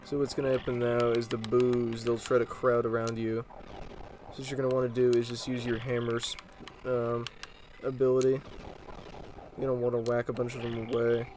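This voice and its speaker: A man casually commenting on his video game playthrough, relaxed and rambling with plenty of fillers. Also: mid-range voice, normal speed, a little hiss or hum, rough recording. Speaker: let's play host. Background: game music.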